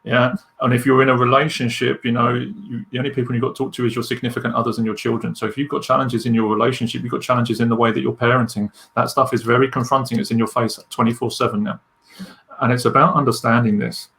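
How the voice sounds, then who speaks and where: Gravelly-voiced man, animated storyteller. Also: medium pitch, quick pace. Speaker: leadership coach and trainer. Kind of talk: podcast interview guest.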